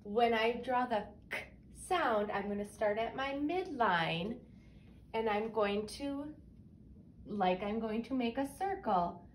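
A woman teacher giving a phonics lesson to young children, sounding out letters slowly and clearly. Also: fairly high pitch, expressive, distant mic. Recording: voice a little off-mic, faint room noise.

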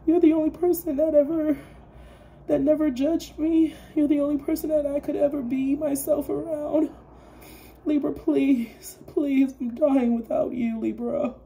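A woman's voice: sits high, fairly even intonation, a little slow, mellow, voice pushed up, low-quality recording. A woman voicing a desperate ex-lover who begs on their knees in a whiny, sobbing tone. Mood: pleading.

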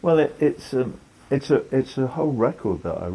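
A man's voice: medium pitch, sing-song, normal speed, dark tone, slightly rough, low-quality recording. An older man, telling a long story as an interview guest, rambling with restarts and quoted lines. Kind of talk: relaxed storytelling conversation.

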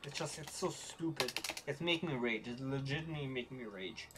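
A woman streaming a game, chatting casually with viewers in an animated way, quick to get frustrated. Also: background noise. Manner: voice jumps high when excited.

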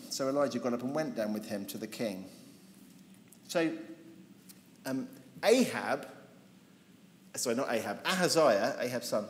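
A man teaching a Bible seminar, telling the story with lively irony and humour and acting out the characters. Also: mid-range voice. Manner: lively, humorous, ironic storytelling, acting out voices. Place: large convention hall. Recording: roomy hall reverb, faint noise.

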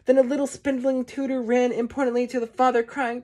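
A woman giving a measured poetry reading, with slow, deliberate phrasing and long pauses. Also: fairly high pitch, flat delivery, mellow. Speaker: poetry reader.

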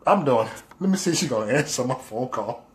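This male livestream host speaks fast and expressively in a mid-range voice, with a little hiss or hum on the recording. In casual chat he reads viewer comments, teasing playfully, laughing a lot, and using loose slang fillers.

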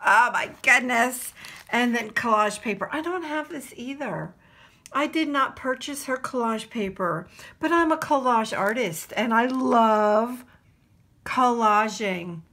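A woman from New Jersey chatting casually to her camera as she unboxes craft supplies, gushing and excited, with lots of fillers. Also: a little high, slow pace. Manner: gushing and excitable, full of exclamations. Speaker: craft vlogger.

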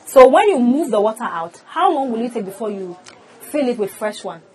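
Woman interviewer with steady mm-hmms. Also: fairly high pitch, fairly quick, husky, poor audio. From Ghana. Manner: frequent short backchannel affirmations. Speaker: interviewer, host.

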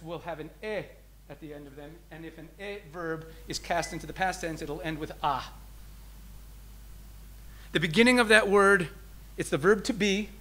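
Slight background noise accompanies a man whose voice sits high as he gives a rabbi's explanatory teaching talk to an audience. His tone moves between emphatic and soft, and he slows down over key phrases.

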